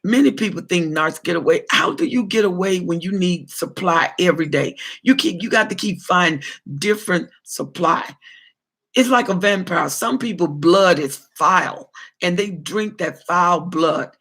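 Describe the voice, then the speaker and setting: A man's voice: high-pitched, normal speed, pushed and bright. A man, a pastor, answering viewer comments on a livestream in a preachy way, repeating phrases for emphasis.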